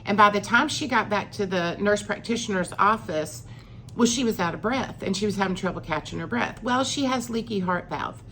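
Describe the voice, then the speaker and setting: A woman's voice: medium pitch, normal speed, pushed and bright, slight background noise. A middle-aged woman, telling a personal story in a chatty vlog, acting out what people said. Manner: chatty, acts out quoted lines with rising emphasis. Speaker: vlogger.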